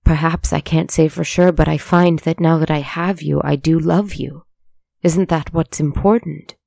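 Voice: medium pitch, steady tone, normal speed, gravelly, warm tone, no echo, studio quality. A storyteller voicing a proud witch who pleads with intensity. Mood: desperate. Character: proud, desperate witch, adult woman.

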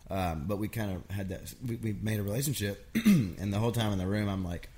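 A man's voice: lowish voice, fairly quick, a little hiss or hum. A man, a songwriter, telling stories in a casual chat and acting out what others said. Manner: animated, acts out quotes of others. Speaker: songwriter guest. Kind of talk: casual storytelling.

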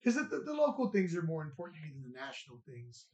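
This man's voice sits on the high side and darkish in tone, with huge pitch swings and fast delivery. He owns a toy shop and rambles casually through an interview chat, laid-back and laughing, often restarting his thoughts. The echoey store gives the dull lo-fi recording a roomy echo.

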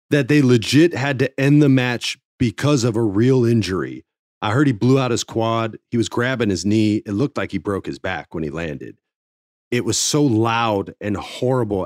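A man, a former wrestling TV writer, telling a casual backstage story with lively acted-out quotes and free swearing. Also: medium pitch, no echo, studio quality. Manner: animated, swears freely, acts out quotes.

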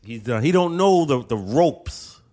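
A man with a thick New York accent co-hosts a podcast, blunt and full of slang and profanity. His pitch is mid-range but swings widely, which keeps his delivery animated. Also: unhurried. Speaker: podcast co-host. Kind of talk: casual podcast chat.

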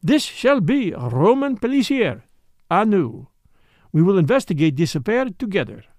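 A man's voice: high voice, big pitch swings, moderate pace, a little mellow, no echo, studio quality, pitched above the performer's own voice. A man voicing a fussy, precise older male detective with a raised voice. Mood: pleased.

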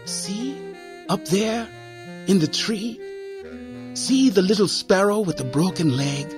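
A man voicing a gentle, chatty young nun who speaks in a bright, coaxing way in a storybook reading. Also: sits high, lively intonation, slow, music in the background, pitched above the performer's own voice.

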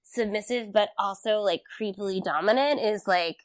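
A woman's voice: medium pitch, normal speed. A woman guest on a casual podcast, talking hesitantly with many fillers. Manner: hesitant, filler-heavy, soft-spoken.

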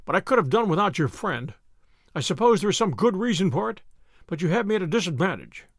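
A man voicing a weary, guarded young former soldier speaking in a measured, rueful way in an audiobook reading. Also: sits high, big pitch swings, no room sound, studio quality, exaggerated voice.

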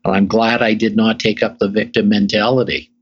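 Middle-aged guy, husky and lowish voice, tells his story with lots of emphasis, kinda dull lo-fi sound. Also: little pitch movement, a little fast. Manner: emphatic storyteller who repeats phrases. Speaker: guest. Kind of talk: interview storytelling. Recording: dull lo-fi recording.

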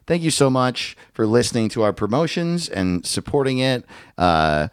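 A man's voice: mid-range voice, very animated, moderate pace, clear, resonant tone, no echo, clean studio sound. A man co-hosting a comedy podcast, chatting casually with a joking, profane manner and frequent laughs. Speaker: podcast co-host.

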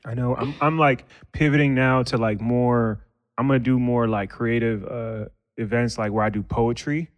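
A man who is a comedian hosting a casual podcast chat, slangy and quick to laugh, talking from a studio office. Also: mid-range voice, steady tone, dull audio. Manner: slangy, laughs a lot, talks in quick bursts.

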